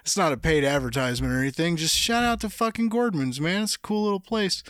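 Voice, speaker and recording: Animated, high-voiced young man podcasting. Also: fairly quick, hardly any pauses, dry recording, clean studio sound. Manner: rambling, profane, jokey storytelling. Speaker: podcast host. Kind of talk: casual solo podcast chat.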